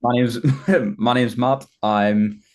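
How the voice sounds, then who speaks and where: A man in his twenties with a Northern Irish accent, chatting casually as a podcast guest, relaxed and rambling with fillers. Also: mid-range voice, slow. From Northern Ireland. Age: 20s. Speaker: guest, bodybuilder. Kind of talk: casual chat.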